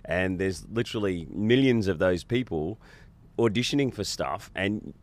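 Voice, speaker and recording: A man's voice: sits low, expressive, moderate pace. A man hosting a casual chat, asking easygoing and teasing questions. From Australia. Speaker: host, interviewer.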